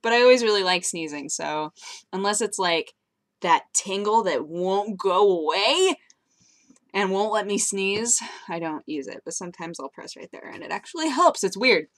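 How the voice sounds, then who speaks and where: A woman's voice: medium pitch, expressive, normal speed. A young woman vlogging casually into her webcam, telling rambling stories with frequent giggles. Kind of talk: casual chatty vlog.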